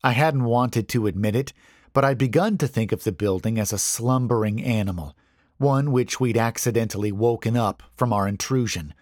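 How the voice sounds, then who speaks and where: A man narrating a first-person horror story in a measured, suspenseful reading. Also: mid-range voice, a little mellow, no room sound, studio quality.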